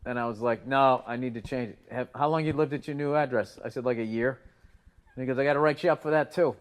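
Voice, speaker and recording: A man's voice: medium pitch, fast talker, clean tone. Man, podcast co-host, casual storyteller, plays both sides of conversations. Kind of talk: casual chat.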